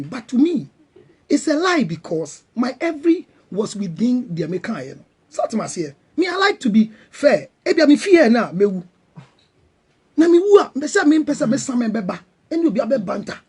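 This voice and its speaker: Ghanaian guy defending himself on a panel, husky voice, pitch all over the place. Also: very animated, brisk, darkish tone. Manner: defensive, emphatic, mixes English and Twi. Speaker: guest counselor. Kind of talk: heated panel discussion.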